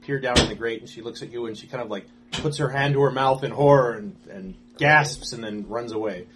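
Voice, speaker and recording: A man narrating a tabletop game as game master, halting, with many fillers and restarts. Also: medium pitch, fairly bright tone.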